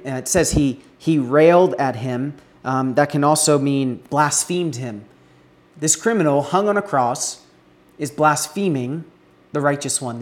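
A man preaching an expository sermon, earnest, building emphasis on key words and pausing to restart now and then. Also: a little high.

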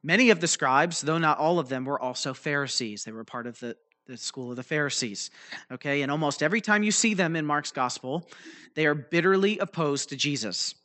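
A man's voice: fairly high pitch, lively intonation, brisk, sharp tone. A man preaching a teaching sermon, explaining a Bible passage loosely and checking in with his listeners as he goes. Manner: explanatory, checks in with frequent "right?" and "okay?"; loose delivery with fillers and restarts.

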